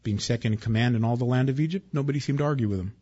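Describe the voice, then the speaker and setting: A male pastor preaching a conversational expository sermon, swinging between loud emphasis and hushed asides. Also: mid-range voice, very fast, husky. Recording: dull lo-fi recording.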